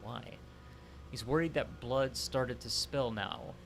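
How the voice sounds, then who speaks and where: A man voicing a soft-spoken mysterious reflection. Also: medium pitch, a little hiss or hum. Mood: confiding. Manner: measured, soft, confiding. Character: calm male conscience reflection, mysterious. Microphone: headset.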